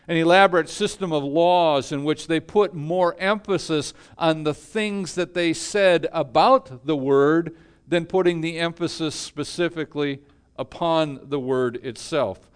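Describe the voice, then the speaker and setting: Man preaching, smooth clear voice, measured delivery, quiet phrase endings. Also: fairly high pitch. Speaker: pastor. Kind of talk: sermon.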